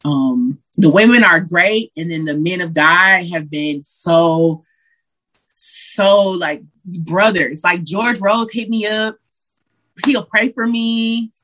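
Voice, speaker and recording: A woman from Detroit, a Christian hip hop artist, chatting as a guest in an interview, lively and slangy, acting out what her friends say. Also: fairly low pitch, slow, poor audio. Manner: animated, slangy, acts out quotes of friends. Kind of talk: casual interview chat.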